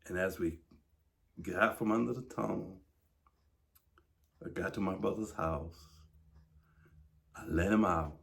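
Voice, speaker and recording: A bishop and radio host giving a late-night devotional message, preaching slowly, his voice rising from low murmurs to high, intense cries. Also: creaky.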